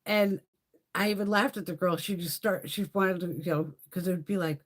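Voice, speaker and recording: A woman's voice: on the low side, a little fast. Blunt, foul-mouthed woman in her fifties. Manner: profane, blunt storytelling with frequent laughs; reads out and answers viewer comments. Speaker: makeup livestream host. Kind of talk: casual livestream chat.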